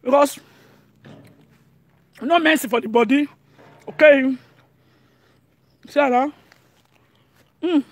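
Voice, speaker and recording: A woman's voice: sits high, takes it slowly, long pauses, no echo. A woman with a Nigerian accent chatting casually to her vlog audience, laughing often and speaking pidgin English. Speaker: vlogger. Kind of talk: casual home vlog chat.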